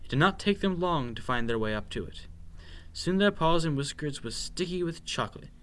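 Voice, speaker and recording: A man reading a children's bedtime story aloud with expressive, sing-song narration. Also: fairly high pitch, moderate pace.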